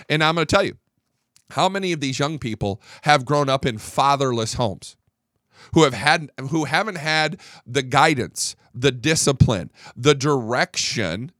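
A man's voice: medium pitch, lively intonation, measured pace, fairly bright tone, no echo, studio quality. A middle-aged man giving a blunt, heated monologue as a podcast host, often stumbling and restarting as he vents. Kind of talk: casual monologue.

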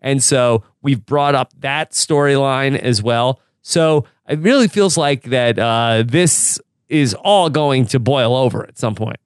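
A man's voice: medium pitch, slow, few pauses, clean tone, no echo, clean studio sound. A man hosting a casual TV recap podcast, chatty and laughing often. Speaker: podcast host.

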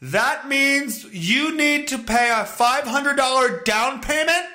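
A man's voice: very high voice, expressive, takes it slowly, pushed and bright, voice pushed up, exaggerated voice. A man mimicking a flustered phone rep lady. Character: flustered female customer service rep.

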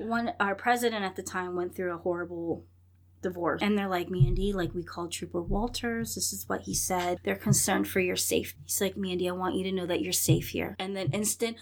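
Animated woman telling her story. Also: on the low side, fairly quick. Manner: animated, acts out dialogue, laughs often, swears. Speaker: interview guest. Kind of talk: candid storytelling interview.

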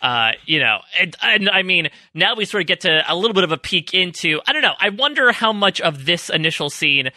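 A man co-hosts a podcast, trading jokes in loose, casual chat. His voice sits high and sounds very bright, with a lively rise and fall. It is recorded dry and close, with no room sound. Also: brisk, hardly any pauses, no echo. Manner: joking, loose and talkative. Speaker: podcast co-host.

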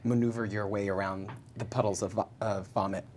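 A man's voice: fairly low pitch, level tone, a little fast, a little mellow. A man, a guest actor, chatting casually and telling an easygoing story. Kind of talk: casual chat.

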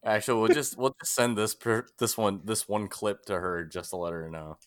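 Casual male podcast host, a bit low-pitched, recorded dry and close; easygoing, laughs a lot. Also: steady tone, moderate pace, no echo. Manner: laughs often, leads topics. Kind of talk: casual chat.

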